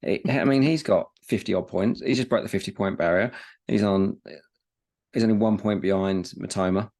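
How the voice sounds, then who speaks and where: This is a man with a very deep, gravelly voice who co-hosts a casual football podcast. He rambles and repeats his words, and drops the odd swear word in easy chat. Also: normal speed, darkish tone. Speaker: podcast co-host.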